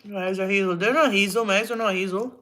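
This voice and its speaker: A woman's voice: mid-range voice, fairly even intonation, fast talker, a bit bright. A woman hosting a casual livestream at home, chatting and answering viewer comments with frequent laughs and trailing asides. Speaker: livestream host.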